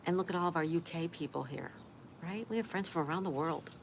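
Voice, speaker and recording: A woman with a lowish voice talks fast while hosting a casual live stream, chatting with viewers, greeting them by name and reading their comments aloud. The background noise is clear.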